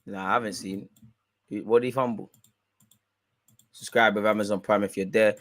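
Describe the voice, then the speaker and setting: Excitable slangy man commentating. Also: lowish voice, normal speed, no room sound. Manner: excitable, slangy, chatty with viewers. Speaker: watch-along host. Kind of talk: live football watch-along commentary.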